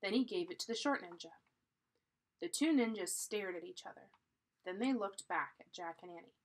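A woman reading a children's chapter book aloud in a deliberate, teacherly way, pausing to explain. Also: medium pitch, lively intonation, poor audio. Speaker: storybook reader.

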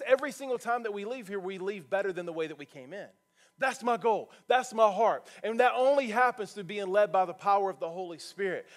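A male pastor preaching a sermon from a church stage, earnest and building to emphatic points. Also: sits high.

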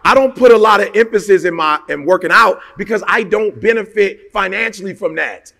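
A man's voice: sits high, brisk, creaky, bright, forceful tone, in a large hall. A man giving a motivational talk, emphatic and colloquial, firing off rhetorical questions. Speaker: motivational speaker.

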